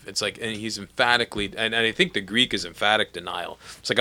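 Bright-voiced man talking through scripture. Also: on the low side, quick pace, hardly any pauses, no echo. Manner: thoughtful, frequent restarts, asks for agreement with "right?". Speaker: clergy discussing scripture. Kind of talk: casual theological conversation.

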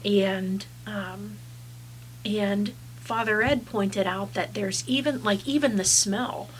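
A woman pastor speaks in an easy, reflective way, pausing and circling back with soft fillers. Her voice sits at an ordinary middle pitch. A faint hiss runs under the recording. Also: fairly even intonation, rough recording. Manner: thoughtful, unhurried, many fillers. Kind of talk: casual faith discussion.

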